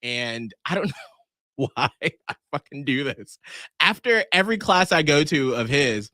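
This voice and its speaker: A man in his forties co-hosting a podcast, telling stories in casual chat and acting out other people in shrill high voices. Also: unhurried, no echo, studio quality. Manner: animated storyteller who acts out people in shrill high voices. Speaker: podcast co-host.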